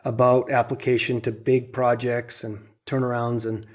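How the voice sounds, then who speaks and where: A man's voice: medium pitch, level tone, normal speed. Man hosting a podcast, lo-fi sound. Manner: friendly, encouraging interviewer. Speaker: podcast host. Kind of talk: podcast interview. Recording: dull lo-fi sound.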